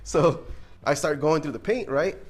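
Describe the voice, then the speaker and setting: A man telling army stories casually, animated and swearing now and then. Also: fairly high pitch, normal speed, husky. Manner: animated, acts out quoted voices, casual swearing. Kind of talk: casual storytelling.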